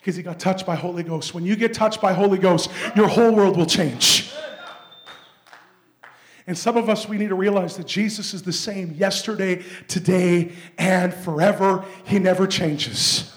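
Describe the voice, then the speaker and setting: A man preaching a sermon in an earnest storytelling manner that rises to shouts. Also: sits high, normal speed.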